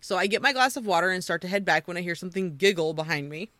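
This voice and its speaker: A woman hosting a podcast, chatting casually and reading creepy stories aloud with animated quoting. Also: lowish voice, rapid-fire, dry recording. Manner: animated storyteller, quoting with voices. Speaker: podcast host.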